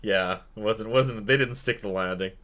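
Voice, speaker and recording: A man co-hosting a podcast, chatting casually about a sitcom episode, animated and quick to laugh. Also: lowish voice. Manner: animated, laughs often, jumps into exaggerated voices when quoting. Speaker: podcast co-host.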